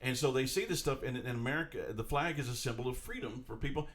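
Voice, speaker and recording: A man co-hosting a podcast, giving casual commentary on the news and stressing his points with sharp rises. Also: mid-range voice, quick pace. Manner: emphatic, rising sharply when stressing a point. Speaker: podcast co-host.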